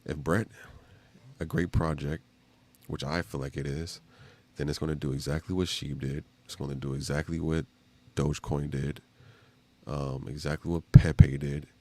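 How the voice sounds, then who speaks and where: Gravelly, very deep-voiced man streaming live. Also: level tone, normal speed, warm tone. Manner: rambling, loose slang with many fillers. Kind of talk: casual live-stream commentary.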